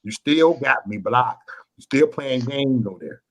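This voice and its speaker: A man's voice: mid-range voice, expressive, measured pace, rough recording. A man hosting a late-night livestream, talking crude, boastful and petty, and repeating his phrases. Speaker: livestream host.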